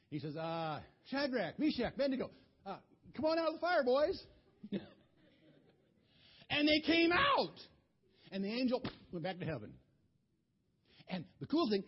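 A man tells a children's Bible story in an animated, folksy way, often stumbling over and repeating words. His fairly high, breathy voice leaps around in pitch. The recording is dull and lo-fi.

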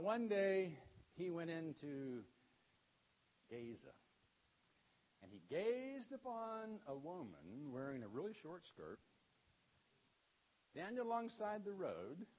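A man with a high, husky voice tells a Bible story to children, and his pitch swoops up and down as he dramatizes it. The recording is dull and lo-fi. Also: takes it slowly, long pauses. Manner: lively, folksy, dramatic storytelling.

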